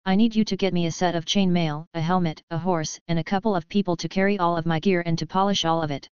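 A woman's voice: fairly low pitch, fairly even intonation, fast, smooth, no echo, natural voice. A woman voicing a weary, sardonic immortal man who talks in a dry, exasperated way, in a dry, dull lo-fi recording.

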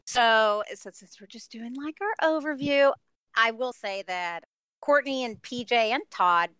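A woman's voice: a little high, unhurried, fairly bright tone, clean tone, no room sound. A woman reviewing a film on a podcast in casual chat, enthusiastic and gushing, often laughing between thoughts.

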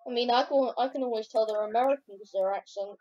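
A British woman chats bluntly and teases her friend. Her voice is high but mellow and warm. The sound is dull and lo-fi. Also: fast talker. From Britain. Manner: blunt, teasing. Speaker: co-host. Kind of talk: casual chat.

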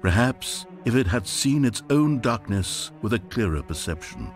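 A male narrator of a video game telling the story in a dry, wry way, his pitch rising and falling expressively. Soft music plays beneath his voice. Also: sing-song, moderate pace.

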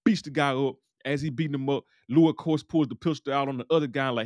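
In a casual recap monologue, a man with a mid-range, slightly mellow voice goes over a TV episode at a quick pace and steady tone, acting out the characters' lines loosely and chattily. There's no echo.

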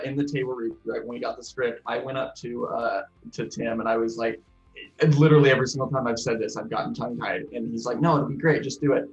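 A man in his twenties answering trivia questions in casual chat, thinking out loud with a self-deprecating manner. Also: medium pitch, muffled recording.

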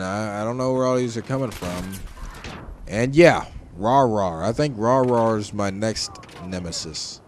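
A man giving casual gameplay commentary, joking and trash talking, swinging between shouts and mutters. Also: lowish voice, slight background noise. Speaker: gaming commentator. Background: game gunfire and explosions.

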